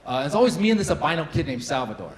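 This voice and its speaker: A man's voice: fairly high pitch, sing-song, racing, crowd noise, rough recording. A man in his thirties doing a stand-up comedy set, chatty and self-deprecating, with lots of fillers. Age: 30s. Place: large hall with a live audience. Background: audience laughter.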